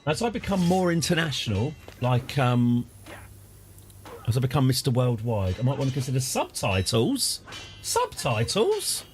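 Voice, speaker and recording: A man's voice: medium pitch, sing-song, moderate pace, a little hiss or hum. A man in his forties with an English accent, chatting casually and wryly while streaming a game live, rambling off on tangents and answering his chat. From England.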